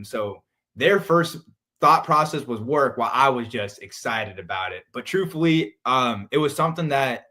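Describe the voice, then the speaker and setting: A young man from San Diego, a guest in a casual interview, telling stories with lively acted-out quotes. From San Diego, California. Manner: animated, acts out quotes with big jumps in pitch and volume. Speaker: interview guest, reality show contestant.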